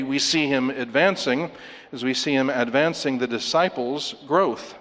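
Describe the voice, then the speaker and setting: A man's voice: medium pitch, fairly bright tone, big-room sound. A man preaching an expository sermon, emphatic and questioning his listeners as he works through a text. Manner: emphatic, asks the congregation questions. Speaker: pastor.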